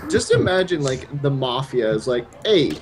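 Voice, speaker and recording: A man's voice: on the high side, wildly swooping pitch, slow, background noise. A man chatting on a gaming voice call, giggly and joking around. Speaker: podcast guest player. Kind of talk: casual gaming chat. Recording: voice call with game music behind. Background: game music.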